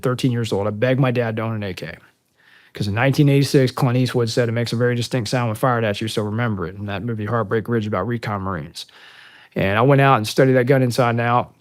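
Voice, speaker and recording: A man in his fifties from the United States, with a gravelly, rough-edged voice at a middle pitch, sits as a podcast guest recounting his service days. He talks casually and swears freely, and when he reaches the dialogue he throws himself into it, voicing each exchange out loud with real force. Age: 50s. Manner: animated, profane storyteller who acts out dialogue loudly. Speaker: podcast guest, military veteran. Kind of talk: casual storytelling in a long-form interview.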